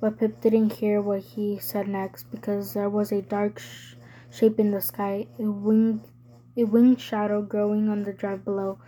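A woman reading a novel aloud, softly, with frequent slips and self-corrections. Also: mid-range voice, level tone, a little slow, poor audio. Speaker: reader.

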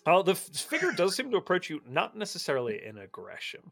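A man's voice: high voice, huge pitch swings, fast, vocal fry, a bit bright, soft background music. A man running a tabletop game as dungeon master, describing the scene with fillers and easy laughs.

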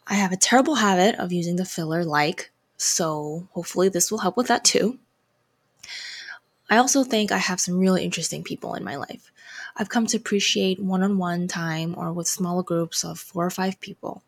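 A woman's voice: on the low side, normal speed, gravelly, slightly rough. A woman in her twenties hosting her own podcast, reading a reflective solo intro with a slightly hesitant delivery. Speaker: podcast host.

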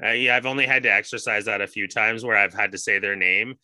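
A podcast host with a lowish, fairly even voice talks quickly and sharply, with no echo. In casual chat, he rants through rambling stories and swears often.

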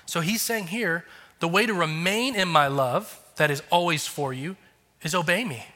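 A man's voice: on the high side, moderate pace, bright, forceful tone, long reverb tail. A man in his thirties, a pastor giving an earnest, conversational sermon with emphatic turns.

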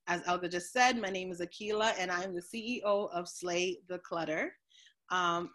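A woman life coach talking openly on a video call about her own life, telling her story with many pauses and "um"s. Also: mid-range voice, fairly bright tone. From New Jersey. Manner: open, storytelling, frequent "um" pauses. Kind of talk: casual video interview.

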